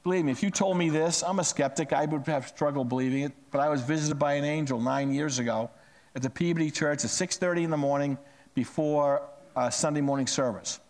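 A middle-aged male pastor delivering a sermon in a conversational storytelling way, dropping to hushed asides and rising on emphatic phrases. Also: fairly high pitch, brisk.

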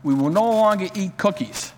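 A man voicing a sensible, patient male frog in a storybook reading, explaining things calmly. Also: sits high, moderate pace, big-room sound, a little hiss or hum. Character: sensible male frog friend, calm and reasoning.

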